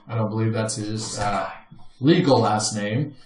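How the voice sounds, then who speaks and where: A man's voice: lowish voice, takes it slowly, far from the mic, background noise. A man narrating as game master to his players, often laughing as he describes the scene. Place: room with several players. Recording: echoey room, off-mic, lively group. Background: other players talking and laughing.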